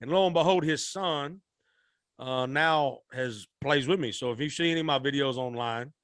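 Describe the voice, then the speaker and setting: A man's voice: mid-range voice, moderate pace, a bit bright, smooth, no room sound, studio quality. Folksy man telling a story. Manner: rambling, repeats and restarts, Southern-style folksy speech. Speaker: musician guest. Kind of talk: storytelling in a podcast interview.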